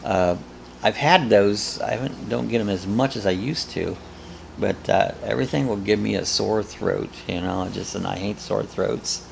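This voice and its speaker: A man's voice: lowish voice, moderate pace, gravelly, a little hiss or hum. A man hosting a casual live chat, reading viewer comments aloud in an easygoing, rambling way. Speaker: host.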